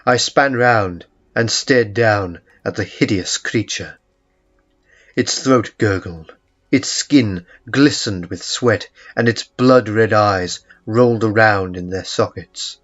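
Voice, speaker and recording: A man narrating a first-person story in a slow, measured storytelling manner. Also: lowish voice, fairly bright tone. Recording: muffled lo-fi recording with faint music.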